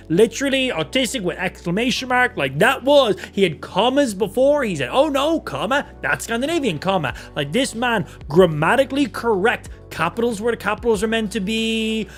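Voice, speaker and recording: A young Irish man in his twenties chatting casually on a live stream, swearing freely and reacting to chat. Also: sits high. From Ireland. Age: 20s. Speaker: gaming streamer.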